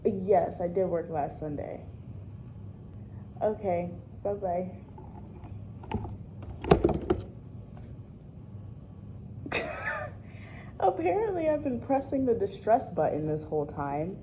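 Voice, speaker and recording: A young woman chatting casually to the camera at her workplace, slangy and talkative, sometimes dropping to soft muttered asides. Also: lowish voice, animated, measured pace. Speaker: vlogger at work. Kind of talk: casual vlog chat. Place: indoor workplace at opening time. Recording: noisy workplace background.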